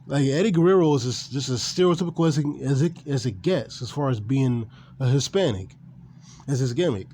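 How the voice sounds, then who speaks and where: A man's voice: mid-range voice, expressive, brisk, warm tone, slight background noise. A man ranting casually and with animation about wrestling, swearing and repeating himself. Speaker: gaming and wrestling commentator. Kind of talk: casual opinion rant.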